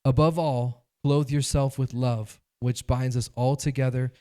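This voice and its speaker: A male pastor preaching a sermon, animated and conversational, acting out quoted voices. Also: medium pitch, unhurried.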